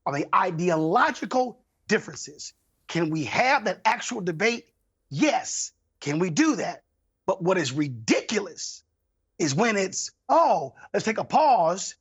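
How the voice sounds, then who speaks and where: A man's voice: high voice, very animated, measured pace, a bit bright, husky. A man debating as a panel guest, exasperated and insistent, refusing to be cut off. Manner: exasperated, insistent, talks over others. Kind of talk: heated political debate.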